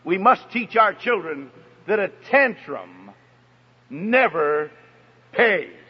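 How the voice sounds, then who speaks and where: Animated, breathy male preacher. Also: sits high, slow pace. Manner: emphatic, storytelling, animated. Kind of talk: sermon on parenting. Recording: dull recording in echoey hall.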